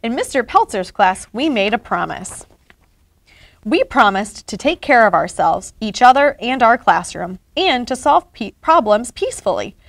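A woman voicing an outspoken schoolgirl who speaks softly but firmly, while reading a storybook aloud. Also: fairly high pitch, very animated, moderate pace, dry recording, full character voice. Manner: soft but firm.

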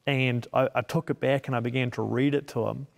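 A man's voice: medium pitch, steady tone, fairly quick, vocal fry, long reverb tail. A man, a media missionary, giving an earnest personal testimony in an interview and acting out the voices in his head as he tells it.

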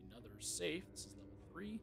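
A man's voice: sits high, sing-song, fast, creaky. A man giving casual let's play commentary with musing asides. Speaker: gamer. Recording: game music playing underneath.

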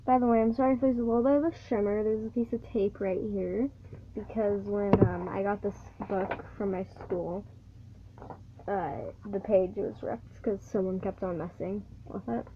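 A female reader reading a picture book aloud, halting and stumbling over words as she goes. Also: medium pitch, steady tone, slight background noise. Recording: tinny phone-like recording.

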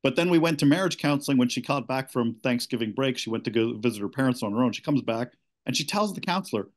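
A middle-aged man seeking coaching, giving a candid, halting account of his marriage with many restarts. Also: mid-range voice, expressive.

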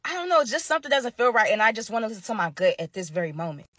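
A young adult woman telling a personal story in a chatty, animated, slangy way. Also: fairly high pitch, racing, dry recording. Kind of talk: casual storytime.

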